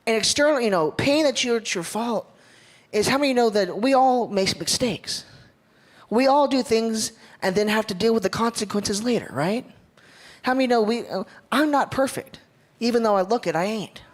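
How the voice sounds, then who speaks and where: A man's voice: very high voice, lively intonation, moderate pace. A man from Ohio giving a casual, upbeat church leadership talk, joking and drawing in the audience.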